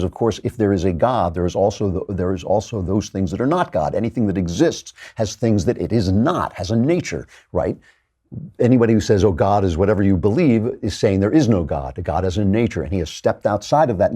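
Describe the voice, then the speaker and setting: A man's voice: fairly low pitch, mellow, husky. A man hosting a commentary show, lecturing with lots of animation and repeating words when he stresses a point. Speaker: host.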